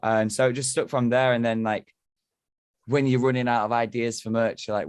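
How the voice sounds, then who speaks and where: A man's voice: mid-range voice, level tone, normal speed, clean tone, dry recording, studio quality. A man from England talking as a podcast guest, rambling and swearing freely while he tells stories. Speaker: podcast guest, band member. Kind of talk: casual chat.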